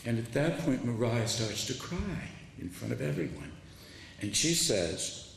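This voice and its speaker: A man's voice: medium pitch, big pitch swings, normal speed, creaky. A man in his seventies, an author and former teacher, giving a public lecture and telling stories in an impassioned way. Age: 70s. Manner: impassioned, tells stories with quoted dialogue. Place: large lecture hall with an audience. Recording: echoey hall, faint background noise.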